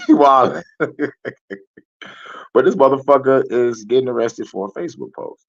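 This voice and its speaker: A man hosting a profane, animated reaction commentary, laughing and swearing as he talks, with loud high mocking repeats. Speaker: reaction video host. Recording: muffled lo-fi audio.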